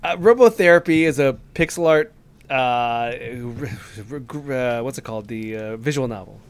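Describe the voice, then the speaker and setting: A man co-hosting a podcast, chatting casually in a halting, rambling way with lots of fillers, sometimes acting out lines in quick voices. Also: medium pitch, clear, resonant tone. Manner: acts out game dialogue in quick voices. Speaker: podcast co-host. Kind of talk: casual chat.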